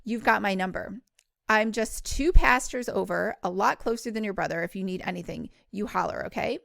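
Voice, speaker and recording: A woman reading the lines of a kind, soft-spoken male Texan neighbor in a storybook read-aloud, in her own plain voice. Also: medium pitch, moderate pace, vocal fry, no echo, studio quality. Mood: reassuring. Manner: read plainly, no put-on accent.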